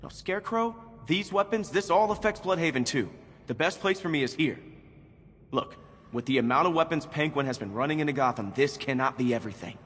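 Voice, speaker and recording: A man's voice: fairly high pitch, expressive, brisk, a bit bright. An actor playing a loyal, earnest young male hero in a video game, speaking in a persuasive manner. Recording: game audio with long reverb.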